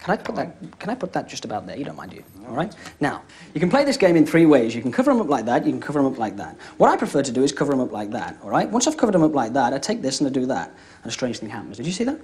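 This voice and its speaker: A man's voice: medium pitch, big pitch swings, rapid-fire, hardly any pauses, darkish tone. A young man performing comedy close-up magic, chatty and joking, always checking in with "all right?". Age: young adult. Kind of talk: comic close-up magic patter. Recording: live TV studio with audience.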